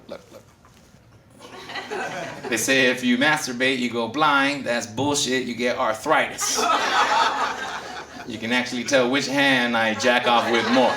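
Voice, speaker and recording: A man's voice: medium pitch, roomy sound, background noise. Brash man in his fifties on stage. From Philippines. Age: 50s. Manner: brash, profane, laughing at own jokes. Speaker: stand-up comedian. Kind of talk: stand-up comedy set. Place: casino stage before a live audience. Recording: stage mic heard from a distance, loud crowd and music. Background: laughing crowd and music.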